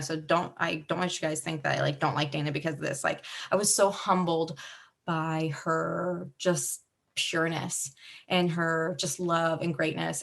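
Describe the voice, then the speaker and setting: Chatty young woman, lower voice. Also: creaky. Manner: rambling, filler-heavy, heartfelt. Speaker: team director giving a mindset talk. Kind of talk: casual personal story to her team.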